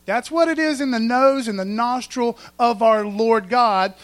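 High-voiced folksy preacher. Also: male voice, measured pace. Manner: folksy, animated, asks the congregation often. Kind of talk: sermon. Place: church.

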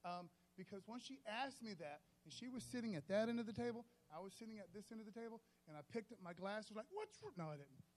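A man preaching a sermon in a casual storytelling way, often saying "man" and swinging between soft and loud. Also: high voice, fast, few pauses. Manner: casual storytelling, says "man" often, animated shifts in loudness.

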